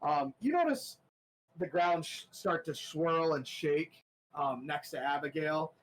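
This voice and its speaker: A man runs a tabletop game, narrating the scene slowly with lots of ums and restarts. His voice sits a little higher than most men's. There is a faint hiss of background noise. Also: low-quality recording. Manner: halting, full of ums and restarts. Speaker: game master.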